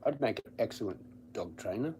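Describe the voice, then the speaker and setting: Low, dark-voiced Australian guy, blunt and foul-mouthed, casual stream chat. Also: animated, a little fast, a little hiss or hum. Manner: blunt, swears constantly, laughs at his own stories. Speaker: livestreamer. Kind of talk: casual rambling livestream chat. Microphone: streaming from home with the camera off.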